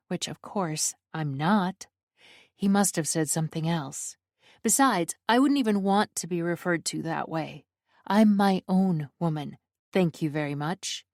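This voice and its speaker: Brief: woman narrator, lowish voice, wry and expressive, dry close studio sound. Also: dry recording. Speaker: audiobook narrator. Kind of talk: first-person romance audiobook narration.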